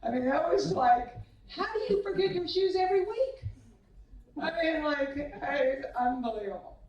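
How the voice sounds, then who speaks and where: A woman's voice: high voice, animated, normal speed, highs cut off. A woman tennis coach giving a humorous banquet speech, teasing former players with anecdotes and acting out their voices. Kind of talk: humorous after-dinner speech. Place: banquet hall at a club. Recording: echoey banquet hall, mic from a distance.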